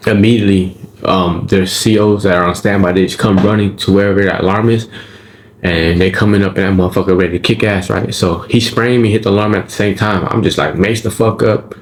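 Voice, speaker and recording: A man's voice: fairly low pitch, fairly even intonation, a little fast, a little hiss or hum. A man, telling the story of his time in prison in casual, profane street slang and checking in with his listener as he goes. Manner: profane street slang, frequent "right?" and "you feel me?".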